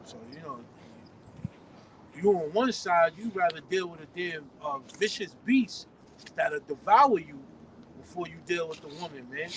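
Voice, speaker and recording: A man reading and discussing scripture in a casual, halting way. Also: on the high side, expressive, fairly bright tone, slight background noise, low-quality recording. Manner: casual, halting, reads verses aloud. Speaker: church group member.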